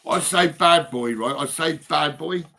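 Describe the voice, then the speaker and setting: A man's voice: on the high side, measured pace, creaky, bright, forceful tone. An older man ranting bitterly to camera, swearing a lot and repeating himself with tag questions. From United Kingdom. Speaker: vlogger. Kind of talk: angry profane rant to camera.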